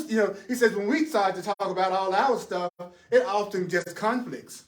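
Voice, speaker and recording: A man leads a spiritual class with an animated, chuckling delivery, his voice sitting a little high. He keeps asking rhetorical questions and answering them himself. The sound is roomy and distant, as if the mic sits well away from him. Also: normal speed. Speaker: spiritual teacher. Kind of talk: teaching a class.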